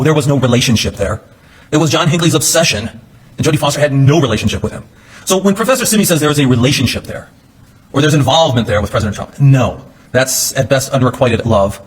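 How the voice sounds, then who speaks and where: A man's voice: mid-range voice, a little hiss or hum. A man giving a courtroom closing argument as a defense attorney, talking conversationally with digressions and asides.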